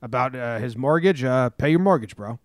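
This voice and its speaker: A man's voice: medium pitch, lively intonation, brisk, dry recording, lightly acted. A man putting on a brash male ballplayer with a New Jersey accent, offhand and full of fillers. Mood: dismissive. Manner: offhand, repeats itself with fillers.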